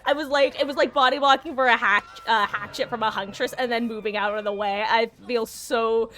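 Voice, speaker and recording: Young woman chatting on her game stream, giggly, kinda high voice. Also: steady tone, a little fast, sharp tone. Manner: chatty, giggly, coos baby talk to her cat. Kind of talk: casual live-stream chat while gaming.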